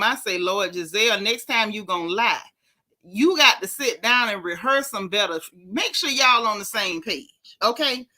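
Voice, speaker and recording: A middle-aged woman, casually recapping reality TV in an animated, sassy way. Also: medium pitch. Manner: animated, sassy, exclaiming, drawn-out emphasis. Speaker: show recap host.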